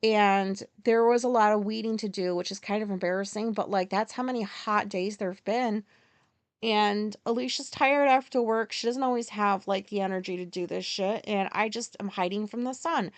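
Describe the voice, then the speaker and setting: A woman's voice: medium pitch, normal speed, no room sound. A woman in her forties hosting a casual solo podcast, telling stories candidly, ranting and swearing freely. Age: 40s. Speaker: podcast host.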